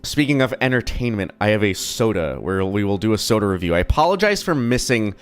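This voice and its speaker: A young man streams from his desk at home, rambling and swearing casually with a self-deprecating streak. His voice sits a bit low and sounds slightly sick, and faint music plays under him. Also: sing-song, fairly quick. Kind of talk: casual live-stream chat.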